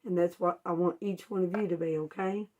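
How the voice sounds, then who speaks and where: A woman's voice: on the low side, steady tone, fairly quick, darkish tone, dull audio. A woman teaching children a Bible story in homespun, informal words, asking them questions and answering them herself. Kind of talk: storytelling Bible lesson for kids.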